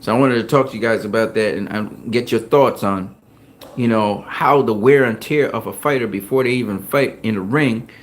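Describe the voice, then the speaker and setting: Profane, animated man telling gym stories. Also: lowish voice, moderate pace. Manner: profane, animated storytelling with frequent laughs. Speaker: boxing show host. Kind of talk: casual chat.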